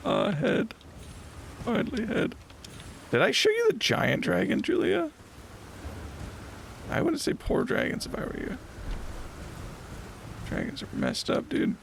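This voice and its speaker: A playful male streamer gives relaxed, unhurried commentary over his game, his fairly high voice swinging wildly up and down. There's a gravelly edge to his tone, and a clear layer of background noise sits under the stream recording. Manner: playful, laughing, teasing the game. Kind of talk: casual live gameplay commentary.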